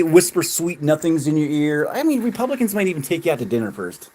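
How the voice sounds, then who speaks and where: A man livestreaming, ranting at his chat in a mocking, profane way, laughing often and swinging from loud jabs to low muttering. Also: animated, quick pace.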